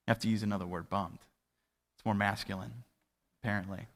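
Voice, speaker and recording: A man's voice: on the low side, steady tone, fast talker. Man preaching in an echoing church. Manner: conversational, self-deprecating storytelling. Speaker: pastor. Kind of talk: sermon. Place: church sanctuary. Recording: hall reverb from a church livestream.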